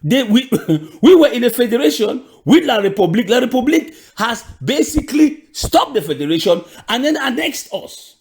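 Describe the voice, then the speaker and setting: Impassioned Cameroonian man with lively pitch. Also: moderate pace. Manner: repeats questions with emphatic restarts and sudden pitch jumps. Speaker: political commentator. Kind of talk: impassioned political monologue.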